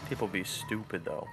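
A young man with a fairly low voice rambles through let's play commentary, swearing freely and sarcastic about everything he sees. Faint game music plays behind his voice. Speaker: gamer.

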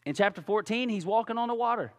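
A man preaching a sermon as pastor, animated and casual, full of rhetorical questions. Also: high voice, fast, big-room sound. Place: church sanctuary.

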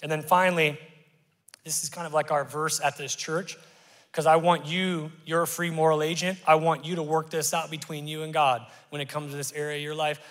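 A middle-aged man preaching a sermon as pastor, conversational and animated with sudden loud bursts. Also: on the high side, a little fast. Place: church sanctuary. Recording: long church-hall reverb.

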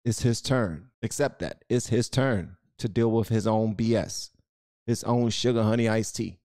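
A man's voice: fairly low pitch, a little slow, a little mellow, no echo. Blunt preachy man, dry close mic. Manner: blunt, preachy, addresses viewers directly. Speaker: channel host. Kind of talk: opinion commentary.

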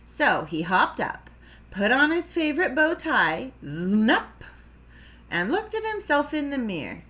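A woman's voice: sits high, very animated, normal speed, sharp tone. A woman teacher reading a children's storybook aloud expressively, with playful sound effects.

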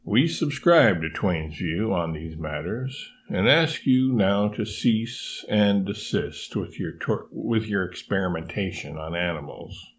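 A man voicing a calm, principled man who firmly refuses to sell his animals, in a storybook reading. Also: deep voice, a little hiss or hum. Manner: firm, measured, formal.

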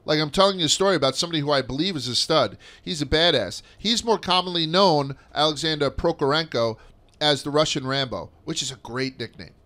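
Bright-voiced rambling podcast host. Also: male voice, a little high, fairly quick. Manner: rambling, profane, with lots of fillers. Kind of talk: casual podcast chat.

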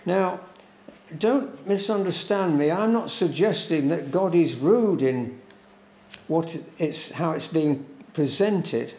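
A man preaching a sermon in a church, slow and deliberate, repeating words for emphasis. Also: on the high side, animated, a little mellow. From England. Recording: echoey church room.

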